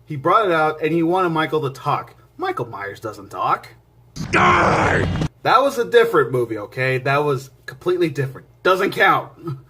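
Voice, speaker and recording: A man hosting his own movie review vlog, talking in an excited, rambling way with lots of restarts and side remarks, jumping between loud bursts and quiet mutters. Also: a little high, normal speed, a little hiss or hum. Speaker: movie reviewer and channel host. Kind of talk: casual spoken movie review.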